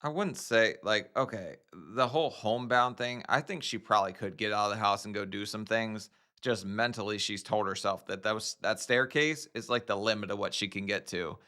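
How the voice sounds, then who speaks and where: A man hosts a reaction video in a loose, chatty commentary style. His voice sits low but rings bright and forceful. He talks bluntly and leans on fillers like "like". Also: normal speed, few pauses. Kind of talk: casual commentary.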